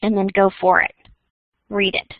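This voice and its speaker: A woman's voice: medium pitch, level tone, normal speed, no echo. Chatty woman teacher, lo-fi dry mic. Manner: chatty, laughing, filler-heavy. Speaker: algebra teacher. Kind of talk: online class session. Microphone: computer mic in online class. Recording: dull dry lo-fi computer audio.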